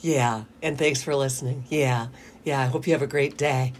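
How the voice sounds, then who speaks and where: A woman's voice: extremely low pitch, steady tone, moderate pace, slight background noise. A middle-aged woman hosting a radio call-in show, chatty and rambling, laughing often. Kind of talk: casual radio chat. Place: radio studio.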